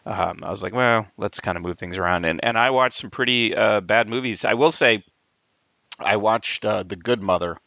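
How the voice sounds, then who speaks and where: A man's voice: on the low side, moderate pace, sharp tone, dry recording. A man co-hosting a casual podcast chat, rambling with many restarts and the odd swear word. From Albany, New York area. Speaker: podcast co-host.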